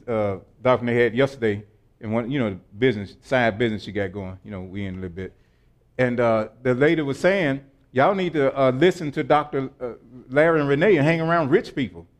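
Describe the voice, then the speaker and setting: Brief Male preacher, high and swooping, playful call-and-response sermon. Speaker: pastor.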